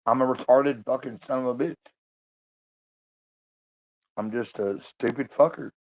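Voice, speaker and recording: A man in his fifties talking alone on a live stream, downcast and halting, sighing and swearing often. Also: medium pitch, fairly even intonation. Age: 50s. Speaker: livestreamer. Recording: muffled lo-fi stream audio.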